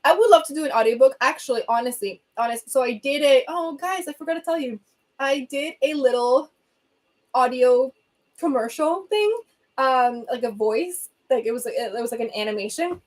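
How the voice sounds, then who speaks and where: A young woman from Venezuela, whose first language is Spanish and who has a Venezuelan accent, speaks in a fairly high voice into a phone from her home's reading corner. On her casual livestream, she's bubbly and chatty, with quick asides and laughter.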